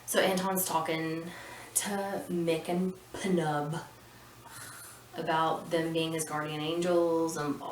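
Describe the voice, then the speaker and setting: Low-voiced woman rambling through a movie recap. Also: fairly even intonation, slow. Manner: chatty, rambling, with opinionated asides. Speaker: podcast host recapping a film. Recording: roomy and distant with faint noise.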